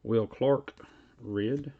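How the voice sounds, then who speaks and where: A man's voice: medium pitch, drawn-out words. A man hosting a live card break stream. He talks in casual, rambling asides and reads card names aloud as he goes. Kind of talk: casual live-stream chat while opening card packs. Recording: dull lo-fi stream audio.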